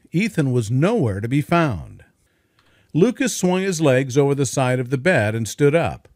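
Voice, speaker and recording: Male storyteller, dramatic read with a lively, swinging pitch and a dry, close sound. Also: dry recording. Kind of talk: scripted story narration.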